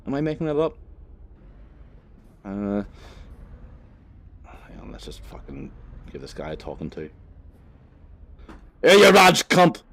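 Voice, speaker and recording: A man with a mid-range voice and darkish tone gives casual commentary while playing a driving game for his channel. As a gaming vlogger, he rambles, stays laid-back, swears casually and uses plenty of fillers.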